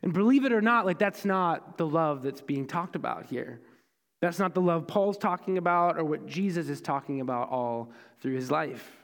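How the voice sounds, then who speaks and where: A man's voice: fairly high pitch, moderate pace, big-room sound. A young man preaching a sermon as pastor, in a conversational storytelling way with self-deprecating asides.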